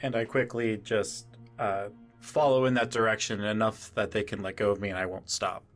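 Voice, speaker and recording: Low-voiced man playing a tabletop game. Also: steady tone, normal speed, soft background music. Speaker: player.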